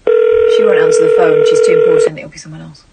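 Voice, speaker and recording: A woman's voice: deep voice, flat delivery, fast talker, creaky, very noisy. A woman co-hosting a late-night radio show, making dry, wry asides. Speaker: radio co-host.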